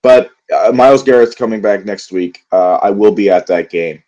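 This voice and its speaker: A man's voice: lowish voice, moderate pace, dark tone, lo-fi sound. A young man in a solo football recap vlog, frustrated and profane, rambling with many fillers and restarts. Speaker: sports vlogger. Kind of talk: angry solo football rant.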